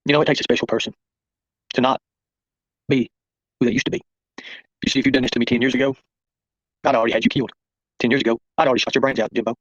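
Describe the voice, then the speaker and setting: A man's voice: mid-range voice, steady tone, quick pace, long pauses, fairly bright tone, dry recording, lo-fi sound. A man hosting a rambling livestream, confrontational and calling out viewers by name. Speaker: livestream host.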